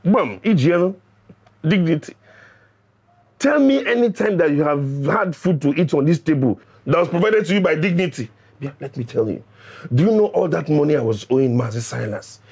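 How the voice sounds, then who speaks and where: A man's voice: on the high side, lively intonation, normal speed, darkish tone, slightly rough. An actor playing a stubborn older Nigerian father who scolds his daughter about her marriage. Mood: scolding. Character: stubborn aging village father. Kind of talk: Nollywood film acting.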